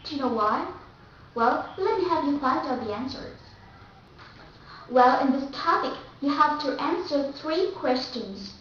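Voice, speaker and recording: A woman's voice: high voice, lively intonation, measured pace, fairly bright tone, slight background noise. A woman from Vietnam with a Vietnamese accent, teaching English pronunciation and carefully repeating example words. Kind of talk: pronunciation lesson. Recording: echoey, distant, dull mic.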